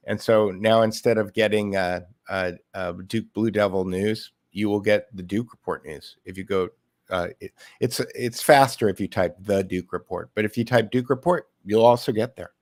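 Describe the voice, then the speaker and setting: A man hosting an online talk show, chatty, with halting restarts as he plugs his site. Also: lowish voice, dry recording, clean studio sound. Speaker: host. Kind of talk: casual online show chat.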